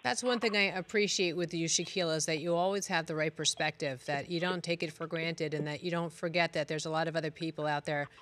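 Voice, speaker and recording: A man's voice: a little high, fast, hardly any pauses, fairly bright tone, slight background noise. Upbeat male talk show host. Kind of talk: sports talk interview.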